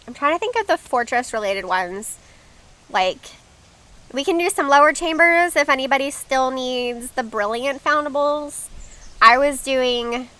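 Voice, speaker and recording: A young woman hosting a casual livestream, with a bright, fairly high voice. She talks in a loose, chatty way and reads viewers' comments aloud as she plays. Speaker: livestream host.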